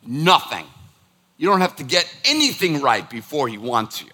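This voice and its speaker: A man preaching a sermon, telling stories in an animated, conversational way. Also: on the high side, moderate pace. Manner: animated storytelling, acts out scolding his dog.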